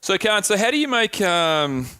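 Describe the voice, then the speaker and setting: A man hosting a podcast, excitable and rambling, swearing casually. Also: high-pitched, normal speed, clear, resonant tone, dry recording. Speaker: podcast host.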